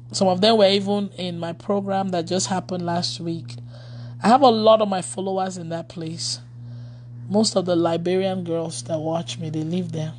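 A woman's voice: lowish voice, a little mellow, slight background noise. A woman pastor in casual livestream chat with her followers. She laughs often and reads their comments aloud.

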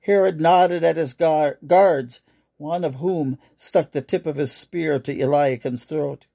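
Gravelly man reading a storybook aloud. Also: fairly high pitch, fairly even intonation, dark tone. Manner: measured read-aloud narration.

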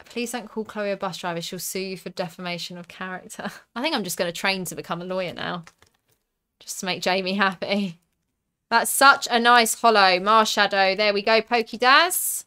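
A woman's voice: medium pitch, moderate pace, pushed and bright, smooth. A young woman with a southern English accent, chatting on a live stream as she opens card packs and reads out viewer comments. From southern England.

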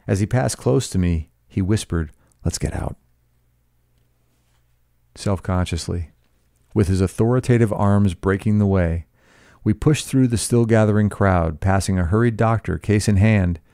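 Deep-voiced male novel reader. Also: dark tone, dry recording, clean studio sound. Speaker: audiobook reader. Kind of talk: scripted novel narration.

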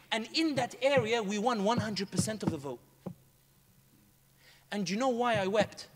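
A man telling a story to a room in a fast, emphatic way, slipping Arabic phrases into his speech. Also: high voice, long reverb tail, noisy background. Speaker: public speaker. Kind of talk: animated storytelling talk.

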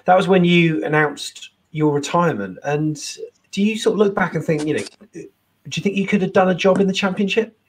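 A man with a husky, somewhat high voice hosts a casual interview. He asks questions and answers the guest with short nods of agreement. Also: brisk. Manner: brief affirming interjections and questions. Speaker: fan channel host.

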